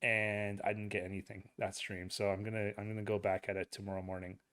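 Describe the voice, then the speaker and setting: Man, low voice, podcast co-host, casual chat, dry sarcasm, stop-start delivery. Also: flat delivery, a bit bright. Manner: sarcastic, halting.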